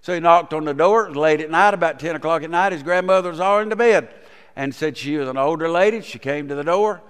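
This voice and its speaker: A pastor delivering a folksy sermon in a smooth, resonant voice pitched a bit high. He tells stories and asks the congregation questions. A long reverb carries through the church sanctuary. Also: fast talker.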